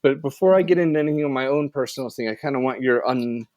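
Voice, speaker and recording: A man co-hosts a podcast in a relaxed, rambling way, often restarting his sentences. His voice sits at a middle pitch. The recording is close and dry, with no room sound. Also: quick pace, dry recording. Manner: rambling, self-correcting, wraps up with offhand plugs. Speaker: podcast co-host. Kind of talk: casual podcast chat.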